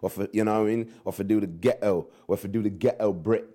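A man hosting a radio show in casual, slangy chat full of shout-outs. He repeats phrases and slips into Caribbean-style patois. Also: lowish voice, steady tone, fast. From Montreal. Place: radio studio.

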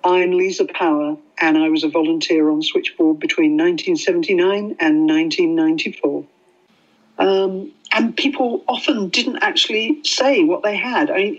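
An older woman looks back on her years as a helpline volunteer, speaking in a candid, reflective way. The audio is dull and slightly muffled. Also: lowish voice. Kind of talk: interview recollection.

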